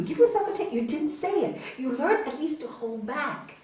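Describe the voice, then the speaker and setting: A woman's high voice, at normal speed, carries through an echoey hall from a distance, with a little hiss or hum on the recording. Teaching raja yoga to an audience, she tells stories animatedly, acts out the voices she quotes, and regularly checks in with "hmm?".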